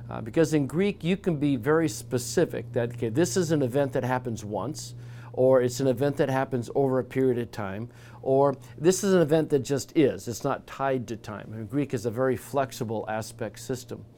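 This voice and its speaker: A man's voice: mid-range voice, normal speed. Guy teaching a bible lesson, chatty, bit of hum in the background. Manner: conversational, animated when quoting the disciples, with fillers and restarts. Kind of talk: informal Bible teaching talk.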